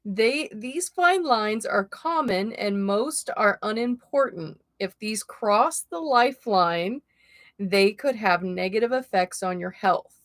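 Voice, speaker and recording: A woman's voice: medium pitch, lively intonation, takes it slowly, a bit bright, dry recording. A woman hosting a casual livestream as a tarot reader, chatting with viewers, greeting them by name and laughing often. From Florida.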